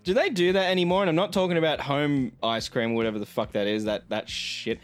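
High-voiced man asking teasing questions. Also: fast, faint music behind. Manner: teasing questions, dry jokes, laughs. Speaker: podcast co-host. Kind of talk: casual chat.

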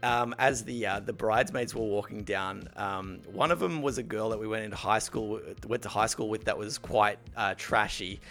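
A young adult man chatting casually, telling animated, profane stories and laughing through them. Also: lowish voice, moderate pace, few pauses, faint music behind. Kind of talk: casual storytelling chat.

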